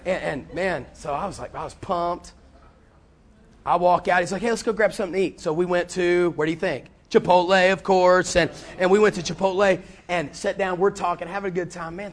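A man with a high-pitched voice preaches through a personal story. He talks in an animated way, often repeating words and acting out both sides of a conversation. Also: a little fast. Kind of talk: sermon storytelling.

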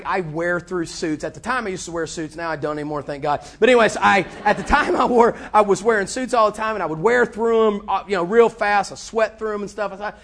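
A man preaching, telling a story with animated, repetitive delivery and acted-out dialogue. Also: high-pitched. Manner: animated, repeats words, acts out dialogue. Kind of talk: sermon storytelling.

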